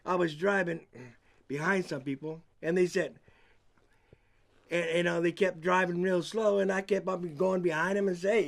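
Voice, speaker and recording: A man's voice: sits high, fairly even intonation, normal speed, vocal fry, no room sound, studio quality. A man telling folksy jokes and stories in a stand-up set, with frequent ums and restarts. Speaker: comedian and event entertainer.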